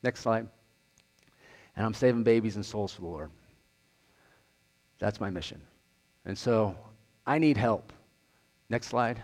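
A man's voice: fairly low pitch, measured pace, long pauses, darkish tone. A man, an outreach director, gives an earnest slide presentation, telling stories and retelling conversations. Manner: earnest, storytelling, retells dialogue. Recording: long hall reverb.

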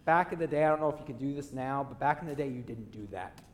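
A male pastor preaching a sermon, earnest, swinging between loud emphasis and quiet low asides. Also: fast talker, long reverb tail.

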